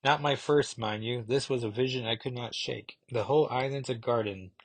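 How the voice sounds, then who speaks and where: A poised, commanding woman captain rallies her crew in a grand, theatrical tone, as a man reading a comic puts her on. The mock-British voice is thin and only lightly acted, with a middling pitch. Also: moderate pace, natural voice. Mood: reflective.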